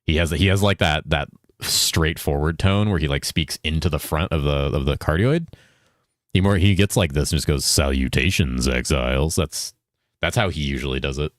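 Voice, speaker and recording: A man's voice: a bass voice, a little fast, no room sound, clean studio sound. A man in his thirties chatting casually on a game stream, rambling and reacting to chat messages. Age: 30s.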